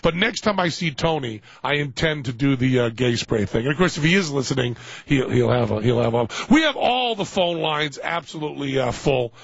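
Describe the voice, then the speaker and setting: A man hosting a radio talk show, chatting casually and telling gags with animated acted-out voices. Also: medium pitch, brisk, creaky, few pauses, breathy edge, dry recording. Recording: dull lo-fi radio broadcast.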